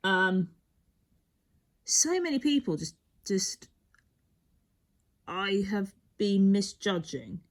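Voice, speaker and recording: A woman's voice: mid-range voice, very animated, extremely slow, long pauses. A woman giving a tarot card reading in a rambling, musing way, often breaking off mid-sentence and sometimes dropping almost to a whisper. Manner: rambling, musing, self-interrupting. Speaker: tarot reader.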